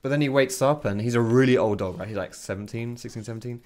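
Keyboard and mouse clicks accompany a young gaming commentator as he talks through his play from his bedroom at home. His voice is medium-pitched, quick and a little mellow, and his casual banter is full of swearing.

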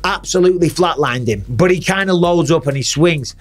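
A man's voice: on the high side, a little fast. A man in his forties, a former fighter, giving emphatic fight analysis and often checking in with "okay?" and "right?".

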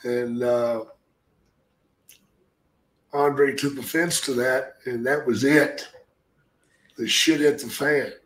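An older man, a retired wrestler appearing as an interview guest, tells blunt, drawn-out stories packed with swearing. His voice is medium-pitched and fairly bright with fairly even intonation, and the recording has a roomy echo.

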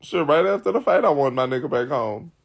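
A man's voice: fairly high pitch, lively intonation, fairly quick, vocal fry, slightly rough. Blunt, profane man chatting on a live stream. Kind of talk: casual live-stream chat to viewers.

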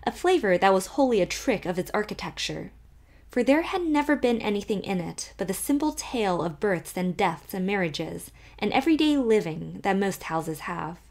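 A woman's voice: medium pitch, darkish tone. Woman narrating an audiobook. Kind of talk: scripted narration.

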